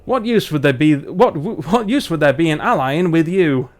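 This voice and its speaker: A man voicing a proud, gruff male dwarf leader from the frozen north, in a put-on northern British accent and a formal, stern manner. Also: a little high, lively intonation, moderate pace, close to an everyday voice.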